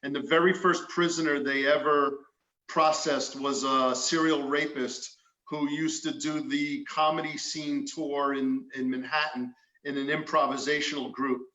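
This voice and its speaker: Bright-voiced storytelling ex-detective man. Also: fairly high pitch, unhurried, reverberant, lo-fi sound. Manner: animated storyteller who acts out quotes and swears freely. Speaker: guest, former police detective. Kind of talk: storytelling in a casual podcast chat.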